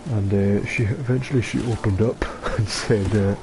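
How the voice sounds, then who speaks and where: A man's voice: on the low side, fairly even intonation, normal speed, noisy background. A tired young man with a Scottish accent chatting casually while playing online, rambling and joking with plenty of swearing. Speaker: gamer streaming online matches. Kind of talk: casual chat while gaming.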